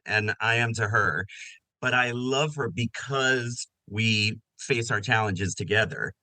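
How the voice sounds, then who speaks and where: Bright-voiced man in his fifties telling stories. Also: fairly low pitch, dry recording, poor audio. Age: 50s. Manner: animated storyteller who acts out quoted voices. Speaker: podcast guest. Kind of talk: casual storytelling interview.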